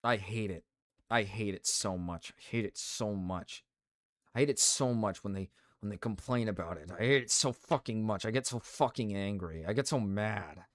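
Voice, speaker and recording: A young man rants casually on a livestream, swearing heavily and repeating phrases. His voice is lowish and at normal speed, captured in a dry, studio-quality recording.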